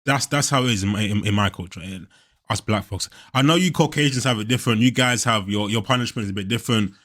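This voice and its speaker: A young man hosting a movie reaction, animated and profane, laughing often as he talks. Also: lowish voice, fast talker. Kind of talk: casual reaction commentary.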